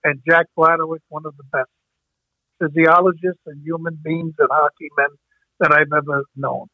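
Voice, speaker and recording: A man's voice: on the high side, little pitch movement, moderate pace, pushed and bright, no echo. An older man from Brooklyn, telling stories from his coaching days in a rambling way, often stopping and restarting. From Brooklyn, New York. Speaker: hockey coach. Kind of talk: reminiscing storytelling. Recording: tinny phone-like dry sound.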